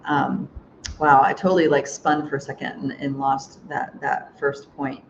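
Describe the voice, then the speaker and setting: A woman's voice: a bass voice, little pitch movement, unhurried. A woman hosting a live spiritual chat, reading viewer comments aloud and rambling through a story with frequent laughs and restarts. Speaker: host. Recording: dull lo-fi sound with faint hiss.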